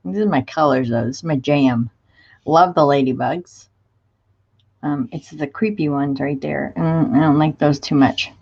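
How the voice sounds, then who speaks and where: A woman's voice: low-pitched, unhurried, gravelly, a little mellow, muffled recording. A woman hosting a crafting livestream, chatting casually and gushing as she greets viewers by name and shows craft supplies. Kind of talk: casual live chat while showing craft supplies.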